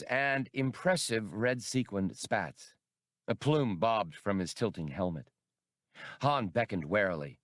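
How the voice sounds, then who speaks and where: A man narrating an audiobook in a measured storytelling manner. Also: fairly low pitch, fairly bright tone, dry recording, studio quality. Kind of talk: scripted narration.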